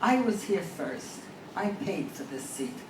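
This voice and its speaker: A woman voicing a haughty, rude woman passenger, shrill and indignant. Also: sing-song, unhurried. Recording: echoey and distant, noisy.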